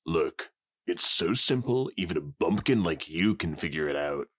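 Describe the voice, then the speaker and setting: A man's voice: low voice, lively intonation, normal speed, fairly bright tone, dry recording, studio quality. A man voicing a brash tomboy pony girl who talks in a cocky, taunting way.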